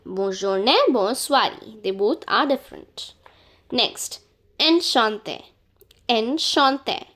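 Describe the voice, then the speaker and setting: A woman teaching beginner French greetings, saying each word slowly and more than once. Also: fairly high pitch, a bit bright. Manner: slow, careful pronunciation drills with repeated words. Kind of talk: beginner language lesson.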